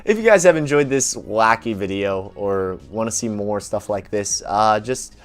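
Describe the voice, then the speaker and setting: Lowish voiced guy chatting through a silly game, amused, gasps and laughs. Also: lively intonation, moderate pace. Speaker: gaming video host. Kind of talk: casual gameplay commentary.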